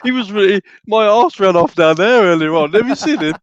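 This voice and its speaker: A man with a slightly high voice, recorded dry and close. He throws in wry jokes and cheeky asides as co-host, in a relaxed bantering tone. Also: a little fast, no echo, lo-fi sound. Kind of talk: casual banter.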